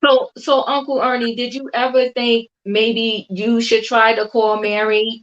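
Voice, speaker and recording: A woman co-hosting a casual interview, gently suggesting her questions. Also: on the high side, level tone, a little slow, few pauses. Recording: dull lo-fi audio.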